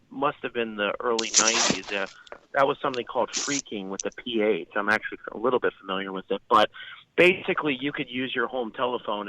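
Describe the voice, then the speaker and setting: On a podcast, a male guest rambles at length in conversation, full of fillers and restarts. His voice sits lowish and sounds pushed and bright. The recording has a dull, lo-fi quality.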